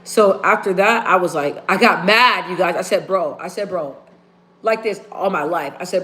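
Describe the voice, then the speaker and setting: A woman's voice: mid-range voice, lively intonation, normal speed, fairly bright tone. Emphatic woman chatting on a livestream. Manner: emphatic, repeats phrases, talks straight to viewers. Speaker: livestream host. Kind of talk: casual live-stream chat.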